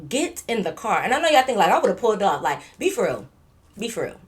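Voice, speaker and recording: A woman vlogger tells a story in a casual, animated, profane way, repeating herself and stuttering a little. Her voice is medium-pitched and her pace quick.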